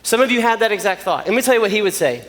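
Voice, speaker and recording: A man, preaching a joking, animated youth sermon straight to his audience. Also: sits high, rapid-fire. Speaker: youth pastor. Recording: long reverb of a large hall.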